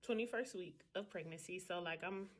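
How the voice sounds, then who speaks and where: A woman's voice: lowish voice, normal speed. A woman vlogging in a casual, candid chat, talking straight to her viewers.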